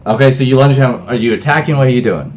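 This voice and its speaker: A man acting as game master for a tabletop game, at an ordinary middle pitch. He narrates loosely, stopping and restarting his sentences as he goes. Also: fast talker. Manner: loose and rambling, with many restarts and fillers.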